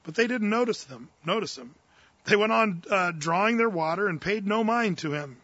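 A man preaching with a high, bright voice, earnest and folksy, full of casual asides. The sound is dry and a little muffled. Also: animated, normal speed, no room sound. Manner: folksy and earnest, with fillers and slang. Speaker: pastor. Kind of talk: verse-by-verse sermon.

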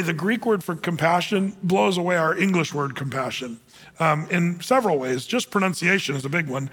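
Animated high-voiced male pastor preaching. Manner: animated, asks the congregation questions. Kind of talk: sermon. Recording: long hall reverb.

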